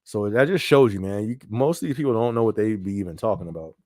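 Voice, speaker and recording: Laid-back low-voiced man chatting live. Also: fast talker, darkish tone, dry recording, clean studio sound. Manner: conversational, repeats phrases, frequent "you know what I mean". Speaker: podcast host. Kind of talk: casual live-stream chat.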